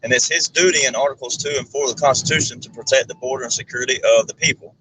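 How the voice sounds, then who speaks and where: American guy in a car earnestly explaining stuff, mid pitch, faint hiss. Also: steady tone, racing, sharp tone, low-quality recording. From United States. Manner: earnest, lecturing, piles up legal references. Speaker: guest.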